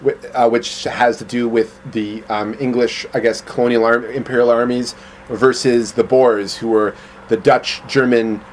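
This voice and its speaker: A man's voice: mid-range voice, little pitch movement, normal speed, slight background noise, rough recording. A man co-hosting a podcast, chatting casually in a rambling, stumbling way. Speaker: podcast co-host. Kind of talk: casual chat.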